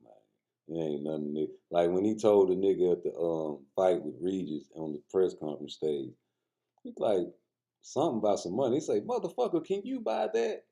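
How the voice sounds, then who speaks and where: A man's voice: low voice, mellow. A man giving casual, profane boxing commentary, joking loosely and talking straight to his viewers.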